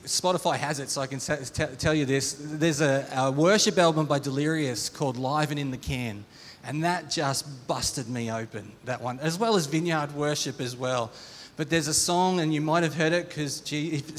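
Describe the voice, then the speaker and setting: A middle-aged man preaching a sermon as a personal testimony. He speaks earnestly and haltingly, often restarting and repeating words. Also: on the high side. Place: church hall. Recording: long reverb from a church hall.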